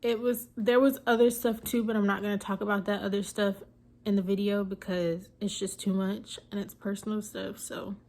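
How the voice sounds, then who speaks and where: A young woman telling a personal story in a vlog, emotional and teary, with frequent fillers and pauses. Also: mid-range voice, little pitch movement, a little mellow. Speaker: vlogger.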